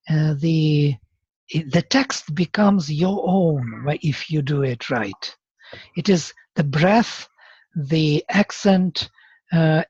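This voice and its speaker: A man teaching Sanskrit in a seminar, speaking as a with many pauses and chanting verses aloud. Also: on the high side, darkish tone, breathy edge, no room sound. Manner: slow, halting, chants verses. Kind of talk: seminar lecture with recitation. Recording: dull, dry lo-fi recording.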